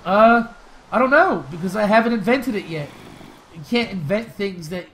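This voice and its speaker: Young dude rambling over a game, cursing, laughing, fillers everywhere, yells when stuff attacks. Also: male voice, high-pitched, normal speed, poor audio. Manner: loose, profane storytelling with frequent laughs and fillers; bursts into excited shouting during fights. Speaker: gaming channel host. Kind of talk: casual gameplay commentary with viewer Q&A.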